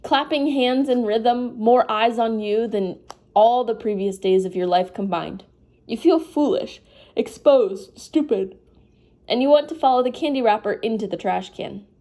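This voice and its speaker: Woman reader, sleepy, informal read-aloud, mellow voice pitched a touch high. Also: unhurried. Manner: informal, breaks off to apologize and comment. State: sleepy, yawning. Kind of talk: casual read-aloud of a novel.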